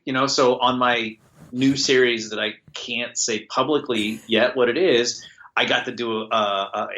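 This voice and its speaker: A man's voice: mid-range voice, sharp tone, muffled recording. An American man, a TV writer guest on a podcast, telling a long anecdote in a chatty, self-deprecating way and laughing often. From United States. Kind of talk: casual podcast interview.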